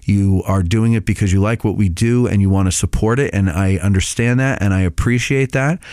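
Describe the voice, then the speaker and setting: A man with a fairly low voice talks through a casual podcast update. He rambles, stops and restarts often, and fills gaps with "uh" and "um". The recording is dry and close, with no room sound. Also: fairly quick, darkish tone, no echo. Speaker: podcast host.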